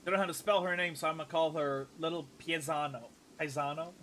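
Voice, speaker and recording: Male streamer, bright and sharp, casual let's play chatter with faint room noise. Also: on the high side, fairly even intonation, quick pace. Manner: casual, swearing, thinking aloud.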